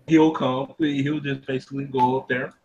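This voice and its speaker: A man's voice: mid-range voice, level tone, moderate pace, a little mellow, dull audio, a little hiss or hum. A man playing a tabletop role-playing game who talks casually and keeps saying "basically". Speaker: player.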